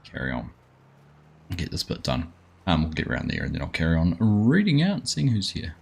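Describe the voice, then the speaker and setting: Husky New man chatting on stream. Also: low voice, wildly swooping pitch, brisk. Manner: chatty, greets viewers by name. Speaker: gaming livestream host. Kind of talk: casual chat while playing a farming game.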